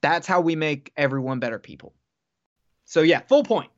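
A man's voice: on the high side, moderate pace. A man on a podcast telling long casual stories, swearing freely and rambling. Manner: rambling, profane, animated storyteller. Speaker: podcast guest. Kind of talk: casual storytelling chat. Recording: dull lo-fi podcast audio.

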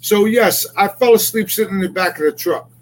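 Man, high voice, boisterous, profane, acts out dialogue, casual podcast chat. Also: a little fast, a little hiss or hum, low-quality recording. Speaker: podcast co-host.

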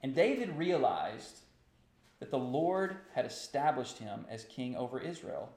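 A man preaching a sermon, animated and building to impassioned outbursts. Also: mid-range voice, unhurried, echoey room. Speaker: pastor.

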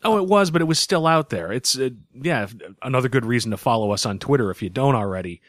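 A man hosts a podcast in a loose, jokey way, swearing freely as he chats. He speaks at an ordinary pitch into a close, dry studio mic. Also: expressive, fast talker, no echo. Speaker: podcast host. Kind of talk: casual podcast chat.

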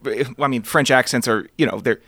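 A man's voice: medium pitch, a little fast, sharp tone, no echo, studio quality. A man co-hosting a podcast, chatting casually in an easygoing, agreeable way. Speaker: podcast co-host. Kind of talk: casual chat.

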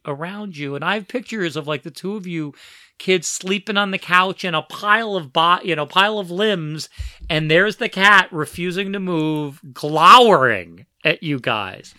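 A man recalls his child's early years in a relaxed chat. He talks in a bright, forward tone with big swings in pitch and acts out the voices he quotes. The recording is dry and close, with no room sound. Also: dry recording. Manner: animated, acts out quoted voices, frequent restarts. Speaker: parent telling family stories. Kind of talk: casual storytelling conversation.

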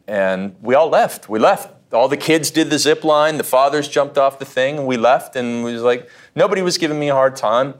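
Animated man telling a story. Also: mid-range voice, brisk, few pauses. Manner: animated, repeats and restarts, acts out quotes. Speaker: podcast guest. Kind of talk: casual interview storytelling.

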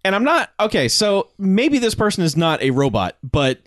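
A man co-hosting a casual chat, animatedly retelling a film scene by scene and slipping into quick voices for the characters. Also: sits high, big pitch swings, dry recording, clean studio sound. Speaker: podcast co-host.

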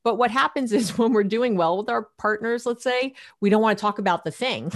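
A middle-aged woman, a relationship therapist, talking casually in an interview, animated and laughing often as she acts out her clients' lines. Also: on the high side, a little fast.

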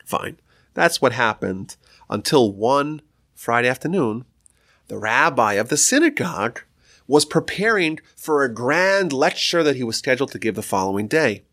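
Animated male storyteller, lively pitch. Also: normal speed. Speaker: lecturer on Jewish history. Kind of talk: storytelling lecture.

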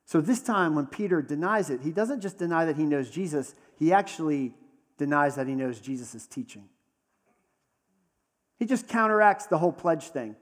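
A man preaching in a slightly high voice, telling the story conversationally and leaning into dramatic pauses. His voice carries a long reverb, as if he is speaking in a large hall. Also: animated. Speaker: pastor. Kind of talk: sermon.

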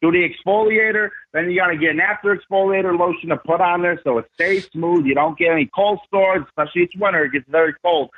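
A man telling stories as a podcast guest, animated and emphatic, with slangy casual talk. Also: high voice, quick pace, hardly any pauses. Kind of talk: casual storytelling. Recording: tinny phone-like remote line.

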